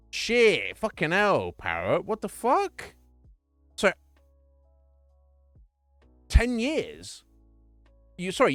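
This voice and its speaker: Lively, swearing streamer man. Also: mid-range voice, no room sound. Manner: chatty, profane, quick to laugh. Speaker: Twitch streamer. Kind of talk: casual live-stream chat with viewers.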